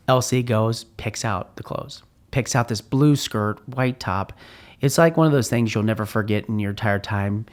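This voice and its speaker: A middle-aged man hosting a podcast and telling a personal story in an earnest, heartfelt way, often restarting his sentences. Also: fairly low pitch. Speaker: podcast host.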